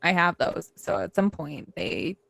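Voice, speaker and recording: Woman true crime host, gravelly edge, dry close sound, emphatic and rambling. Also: on the low side, big pitch swings, a little slow, fairly bright tone, no room sound. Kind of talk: casual livestream discussion.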